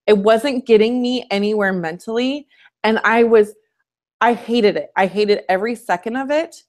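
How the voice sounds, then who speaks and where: A woman's voice: fairly high pitch, moderate pace, darkish tone. Candid, chatty woman on a home live stream. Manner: candid and chatty, sharing a personal story. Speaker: fitness coach hosting a live stream. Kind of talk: casual live-stream talk.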